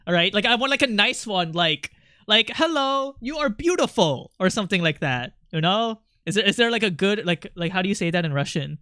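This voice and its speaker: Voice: medium pitch, expressive, a little fast, pushed and bright, no room sound, clean studio sound. A streamer chatting casually and playfully with chat while drawing, rambling with lots of fillers.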